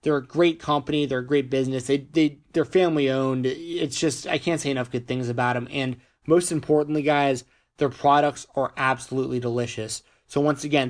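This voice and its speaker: A male podcast host running through sponsor plugs in a loose, conversational way. His voice sits in a middle pitch and is starting to wear out, and he trips and restarts his words now and then. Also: steady tone, fairly quick. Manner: chatty, stumbles and restarts words. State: losing his voice. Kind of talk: casual podcast sponsor reads.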